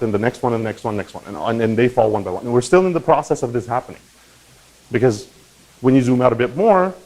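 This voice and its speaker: A man hosting a crypto channel, talking in a casual, animated explainer style and often checking in with "right?" and "okay?". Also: medium pitch, poor audio. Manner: animated, swings into loud mock voices and profanity; conversational with frequent "right?" and "okay?".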